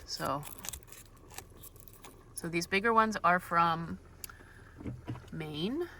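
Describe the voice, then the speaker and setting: Chatty low-voiced woman vlogging. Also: drawn-out words, noisy background. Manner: chatty, rambling with many ums and restarts. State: has a cold. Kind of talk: casual cooking vlog. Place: inside a parked van.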